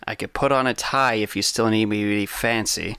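A man's voice: lowish voice, brisk, pushed and bright, smooth, no room sound, studio quality. A man playing a tabletop game in a goofy, playful way. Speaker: player. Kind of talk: casual tabletop play.

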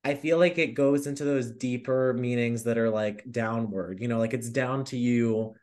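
Young male co-host, rambling, animated, filler-heavy chat. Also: medium pitch, normal speed. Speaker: podcast co-host. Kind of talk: casual chat.

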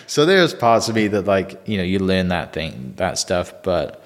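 A man's voice: sits low, measured pace, big-room sound. A man from Wales with a Welsh accent, telling stories in a casual podcast conversation and acting out the quotes he tells. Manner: chatty, animated storytelling with acted-out quotes. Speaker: podcast guest.

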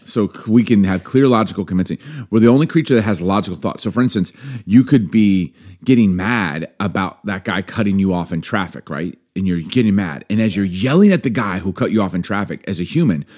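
A man's voice: deep voice, fairly quick. A man casually retelling ideas from a book on a podcast, animatedly acting out the people he quotes. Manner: animated, acts out quoted voices.

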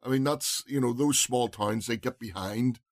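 A man's voice: medium pitch, moderate pace, no room sound, studio quality. A man co-hosting a casual film review chat, rambling and often stopping to search for words. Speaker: podcast co-host.

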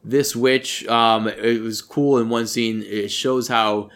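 A man co-hosting a podcast, chatting casually about a film, rambling and swearing and getting animated when something annoys him. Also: medium pitch, slow. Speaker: podcast co-host. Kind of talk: casual movie review chat.

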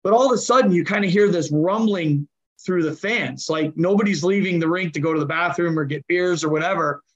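As an interview guest, a hockey coach and general manager with a noticeably high, slightly fast voice tells hockey stories in a conversational way. He's animated, slipping into other people's voices as he acts them out. The audio is dull and lo-fi, its top end rolled off.

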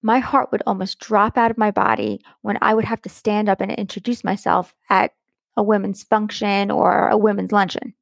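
A middle-aged American woman hosts a motivational podcast, her voice gushing and affectionate, with a slight gravelly fry at the ends of phrases. She leans on words to stress them. The sound is close and dry, with no room around it. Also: medium pitch, little pitch movement, moderate pace, dry recording. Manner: enthusiastic and affectionate, stretching words for emphasis. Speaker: podcast host. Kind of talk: warm motivational podcast monologue.

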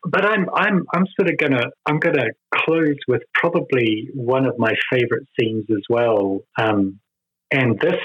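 A man discussing a film in casual conversation, thoughtful and quick to laugh. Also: mid-range voice, breathy edge. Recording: dull lo-fi sound.

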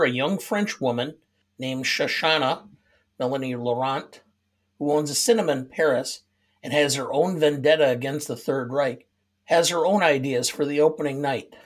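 A man's voice: fairly high pitch, moderate pace. A middle-aged man co-hosting a casual movie podcast, easygoing and opinionated, reading summaries steadily. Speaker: podcast co-host.

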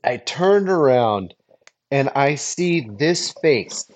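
A man's voice: medium pitch, animated, takes it slowly. A man telling a story in casual podcast chat, acting out quoted lines and laughing often. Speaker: podcast guest.

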